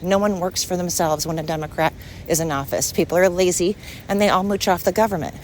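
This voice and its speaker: A woman's voice: fairly low pitch, slight background noise. A woman hosting a solo podcast, ranting in a heated, profane, blunt and scolding way. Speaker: podcast host. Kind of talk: angry solo podcast rant.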